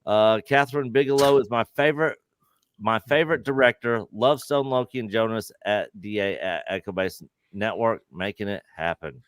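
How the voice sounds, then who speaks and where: An upbeat man hosts a casual livestream, reading donation messages to his chat. His voice is smooth and clear. The sound is dry and close, from a desk mic. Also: fairly low pitch, dry recording. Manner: upbeat, reads donations aloud, quick affirmations. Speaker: host.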